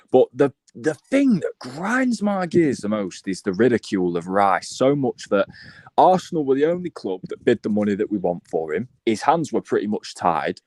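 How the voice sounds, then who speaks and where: A man's voice: lowish voice, darkish tone, no room sound. A man giving blunt, opinionated takes as a guest on a casual football chat stream. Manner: blunt, opinionated, building a case. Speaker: guest pundit.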